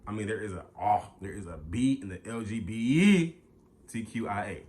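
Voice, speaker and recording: Deep-voiced young man ranting on a vlog. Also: moderate pace. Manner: animated, profane, ranting. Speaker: YouTuber. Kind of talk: casual vlog talk.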